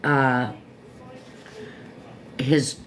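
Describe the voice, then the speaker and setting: A woman in her fifties with a low-set voice chats unhurriedly on her livestream. She wanders from one thought to the next and restarts her sentences often. A faint hum of noise sits behind her. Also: little pitch movement, extremely slow. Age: 50s. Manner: meandering, self-interrupting, chatty asides. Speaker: livestream host reviewing a book. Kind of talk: casual rambling chat.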